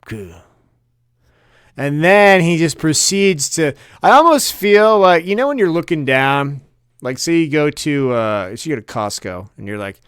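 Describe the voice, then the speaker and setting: Young dude cussing and cracking up on a podcast, smooth voice, kinda high. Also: male voice, normal speed, no room sound, clean studio sound. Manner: profane, animated storytelling with laughs and acted-out quotes. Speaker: podcast co-host. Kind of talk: casual comedic rant.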